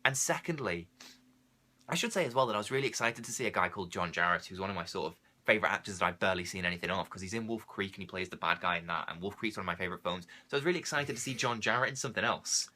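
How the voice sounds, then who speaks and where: A young man with a cold, hosting a casual film review podcast and ranting in an animated, rambling, comic way. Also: low voice, rapid-fire. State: has a cold, coughing.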